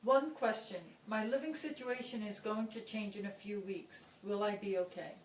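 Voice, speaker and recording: A woman's voice: medium pitch, normal speed. Distant echoey woman reading questions. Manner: reads names and questions aloud plainly. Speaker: reader of viewer questions. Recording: echoey, distant room with faint noise.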